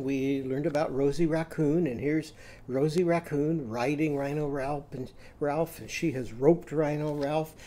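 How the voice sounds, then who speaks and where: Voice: medium pitch, warm tone. A literacy teacher giving a children's lesson, explaining sounds in a patient, step-by-step way.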